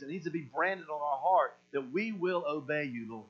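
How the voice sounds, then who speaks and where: A man preaching a sermon as pastor, animated and repeating words as he acts out voices. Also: a little high, moderate pace, hardly any pauses, husky. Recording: dull lo-fi recording with mains hum.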